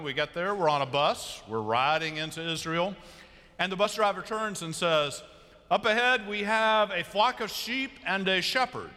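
Man, pastor, sermon, storytelling, bright voice, reverberant church. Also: fairly high pitch. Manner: storytelling, animated, acts out quotes and sheep bleats. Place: large church sanctuary.

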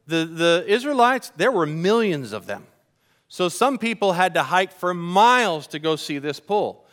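Man, pastor, church sermon, animated, slows for emphasis, higher pitch. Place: church service.

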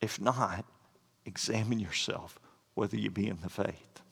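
A man's voice: on the low side, fairly even intonation, unhurried, vocal fry, a bit bright, husky. A middle-aged man preaching a sermon as pastor, earnest and plainspoken, with quoted asides. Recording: echoey hall with long reverb.

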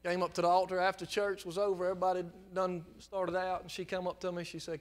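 High-voiced preacher man, swelling to loud fervor. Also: level tone, fairly quick. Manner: impassioned preaching that swells from quiet storytelling into near-shouting. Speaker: pastor. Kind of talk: sermon.

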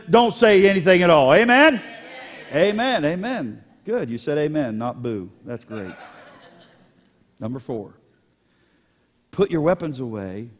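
A male pastor delivers a sermon with a somewhat high-pitched voice. He keeps it lively, teasing his congregation with jokes between serious points. His voice rings with long reverb in a church hall. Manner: animated, joking with the congregation.

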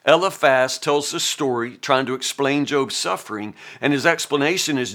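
Earnest pastor with a bright voice. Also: male voice, medium pitch, normal speed, few pauses. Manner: earnest and folksy, with frequent restarts. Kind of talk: conversational Bible teaching.

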